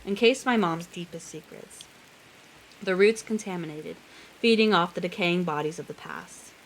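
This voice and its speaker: A woman streamer reading a novel aloud on a live stream, reading quietly and then breaking off into loud, swearing outbursts. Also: fairly low pitch, slight background noise.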